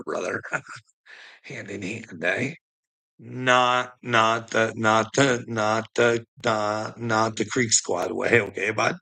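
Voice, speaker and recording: Slow gravelly guy on a live stream, bright edge, keeps chuckling while he preaches at a viewer. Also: lowish voice, poor audio. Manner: teasing, laughs often between lines; preachy, addresses a viewer directly. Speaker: livestream host. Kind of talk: rambling live-stream chat.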